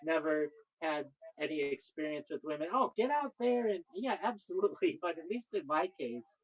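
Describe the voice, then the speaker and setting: A man's voice: fairly high pitch, big pitch swings, moderate pace, low-quality recording. A man, a rabbi, talking casually and at length in a conversation, often cutting in to disagree. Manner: talkative, cuts in with repeated "wait". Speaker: rabbi, show host.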